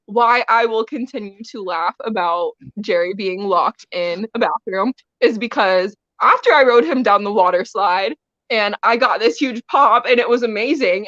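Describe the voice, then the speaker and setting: A woman's voice: on the high side, moderate pace, a bit bright, no echo, muffled recording. A woman wrestler guest telling a story in a casual interview, laughing often as she talks. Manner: giggly, laughs often while telling stories.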